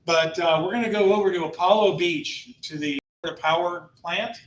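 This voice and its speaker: Announcing upcoming trips to a travel club, a man in his fifties who hosts for a tour company keeps things jokey and upbeat, laughing between items. His voice is high and his pace moderate. The meeting-room recording is echoey and taken from a distance.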